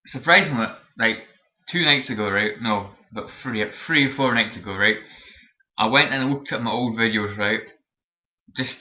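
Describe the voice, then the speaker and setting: Rambling young Scottish man, lo-fi webcam. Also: on the low side. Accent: Scottish Borders. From Scotland. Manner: rambling, many fillers and restarts. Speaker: vlogger. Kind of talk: casual vlog chat. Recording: roomy, dull lo-fi webcam audio.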